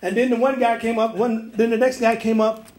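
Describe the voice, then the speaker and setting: A man's voice: very high voice, little pitch movement, a little fast, a little mellow, roomy sound. A man preaching, telling a dream as a story and acting out the voices and sounds in it. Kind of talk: sermon testimony.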